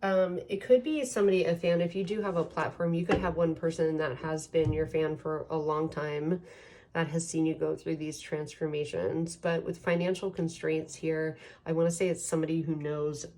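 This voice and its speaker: A woman's voice: low-pitched, fairly even intonation, moderate pace, warm tone, a little hiss or hum. A woman giving a casual tarot reading, talking in a rambling, chatty way full of ums and likes. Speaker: tarot reader.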